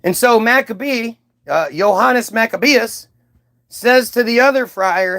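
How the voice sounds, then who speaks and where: A man with a notably high-pitched voice talks through a loose, casual monologue. He rambles, swears freely and takes a mocking tone, circling back with asides and restarts. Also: expressive, a little slow, bright, forceful tone. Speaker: commentator.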